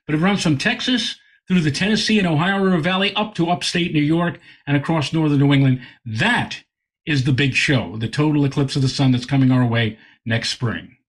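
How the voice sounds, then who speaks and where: A male astronomer tells a story as a guest in an interview. His voice sits a little high and has a husky edge. He talks with lively energy and tends to stumble over repeated words when he gets going. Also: brisk. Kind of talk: animated anecdote in conversation.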